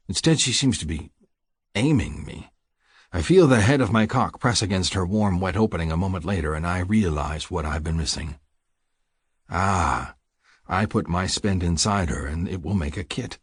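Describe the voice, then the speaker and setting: A man narrating an audiobook in the first person, reading in a low, intimate, measured way. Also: husky, no room sound, clean studio sound.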